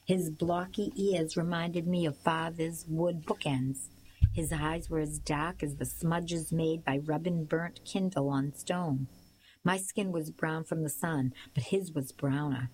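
A woman narrating a storybook in the first person with a steady, measured reading. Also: low voice, slight background noise, low-quality recording. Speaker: audiobook reader.

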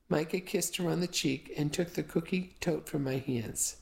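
A woman narrating a first-person novel as an audiobook, with a lively, expressive delivery. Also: low voice, normal speed, gravelly, few pauses, poor audio.

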